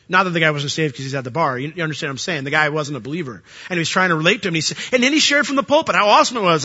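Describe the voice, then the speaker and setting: A man preaching a sermon as pastor, animated, acting out the voices of the people he quotes. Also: a little high, fast talker, husky. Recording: dull lo-fi sound.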